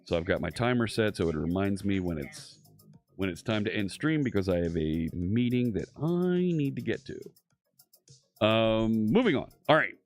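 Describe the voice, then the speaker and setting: Deep-voiced male streamer, slow rambling coding chat, soft music underneath. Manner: rambling, thinks aloud with many fillers and restarts. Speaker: live-coding streamer host.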